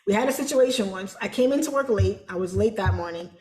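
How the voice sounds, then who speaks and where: A woman telling a story as an interview guest, animated and colloquial, acting out quoted voices. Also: mid-range voice, quick pace, reverberant. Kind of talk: casual storytelling.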